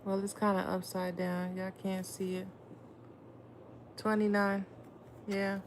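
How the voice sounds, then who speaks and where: A woman's voice: medium pitch, little pitch movement, slow, slight background noise. A woman tarot reader chatting casually with viewers on a livestream, blunt and swearing freely. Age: adult with a son.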